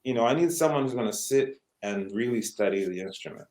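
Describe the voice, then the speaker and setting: A middle-aged man from Canada, a guest musician telling stories in a conversational, animated way. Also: mid-range voice, quick pace. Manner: animated, acts out quoted voices. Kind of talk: conversational storytelling. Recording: echoey room.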